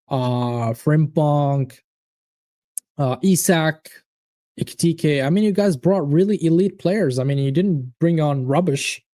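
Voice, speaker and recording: A man's voice: a little high, dry recording. Guy hosting a football watchalong stream, talks to chat, swears a lot, voice jumps way up, dry close mic. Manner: animated, swearing, addressing chat viewers by name. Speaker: watchalong host. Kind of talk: casual live-stream chat.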